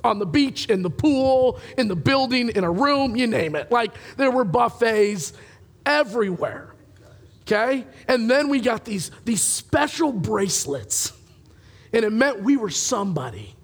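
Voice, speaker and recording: High-voiced pastor telling a story. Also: male voice, big pitch swings, a little slow. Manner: storytelling, acts out dialogue, chuckles often. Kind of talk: sermon.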